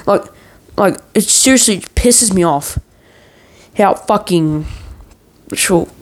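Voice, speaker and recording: A man's voice: high voice, a little hiss or hum. A man in a worked-up, profane ranting monologue, swearing nearly every sentence as a vlogger.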